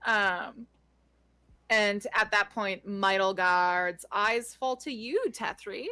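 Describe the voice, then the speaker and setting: A woman narrating a tabletop game as game master, in a relaxed, rambling way. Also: mid-range voice, slow pace, clear, resonant tone.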